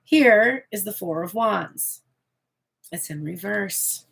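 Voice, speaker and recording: A woman giving a channeled tarot reading in a candid, expressive way, swearing freely as she speaks. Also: medium pitch, slow pace, creaky, slightly rough. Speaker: tarot reader.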